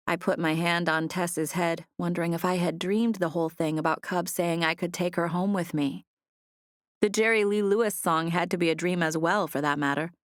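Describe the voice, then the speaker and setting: A woman reading a novel aloud in first person, in a measured storytelling manner, on a close studio mic. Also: lowish voice, no echo. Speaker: audiobook narrator. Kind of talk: scripted first-person narration.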